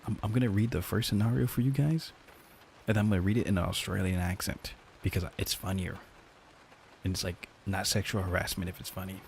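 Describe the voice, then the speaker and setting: Gravelly-voiced man chatting on stream. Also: deep voice, steady tone, brisk, a little mellow, a little hiss or hum. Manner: rambling, joking, talks to chat. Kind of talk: casual live-stream chat. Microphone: lapel mic.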